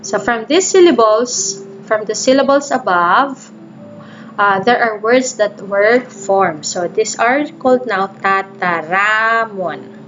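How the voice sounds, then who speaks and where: A woman's voice: mid-range voice, lively intonation, slow pace, fairly bright tone, faint music behind. A woman teacher gives a recorded reading lesson, explaining in English mixed with Bikol words and reading syllables aloud one by one. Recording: dull lo-fi recording with faint noise.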